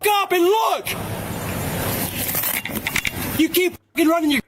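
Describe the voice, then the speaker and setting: A man outdoors on his own property, cursing and shouting at police officers. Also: very high-pitched, fairly quick. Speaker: homeowner confronting police. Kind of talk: angry confrontation. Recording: noisy body camera audio.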